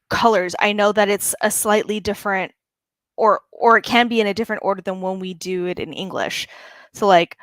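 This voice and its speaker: A woman's voice: medium pitch, a bit bright, no room sound. A woman chatting casually on a writing stream, giving writing advice with plenty of fillers. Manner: filler-heavy, advising. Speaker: co-writer on stream. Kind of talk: casual chat.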